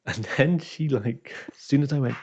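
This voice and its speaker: Medium-pitched and speaking at normal speed, this man is a dungeon master who co-hosts a podcast. He casually tells a game story, animatedly acting out his players' lines, in a dull lo-fi recording.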